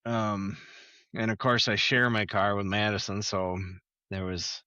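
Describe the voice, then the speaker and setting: A man co-hosting a casual podcast, talking in an unhurried, rambling way with plenty of laughter and restarts. His voice sits a little low and sounds bright and forward. The recording is dry and close. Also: steady tone, dry recording, dull audio. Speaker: podcast co-host. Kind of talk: casual chat.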